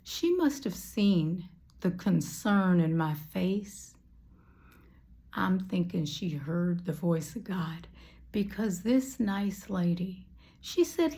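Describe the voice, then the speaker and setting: A woman's voice: on the low side, expressive, slow, mellow. A woman preaching a personal testimony, telling a story and dropping to whispers at emotional moments.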